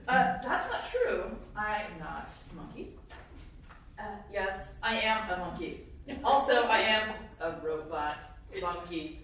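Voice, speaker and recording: A woman's voice: fairly high pitch, animated, unhurried, a bit bright, slight background noise. A woman reading a silly children's book aloud to kids during a congregation service, playful and laughing, making goofy sounds. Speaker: reader of the children's story. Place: congregation meeting room. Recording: very echoey hall, voice far from mic.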